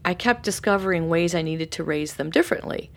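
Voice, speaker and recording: A woman's voice: on the low side, brisk, gravelly. A middle-aged woman, a podcast guest, telling a story in casual chat and acting out the voices she quotes. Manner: animated, acts out quotes with lively voices.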